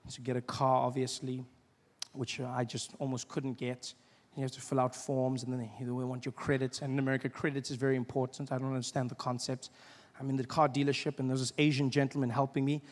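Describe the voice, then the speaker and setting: A man doing stand-up storytelling, animated and bursting into shouted bits. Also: mid-range voice, fairly quick, in a large hall. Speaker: stand-up comedian.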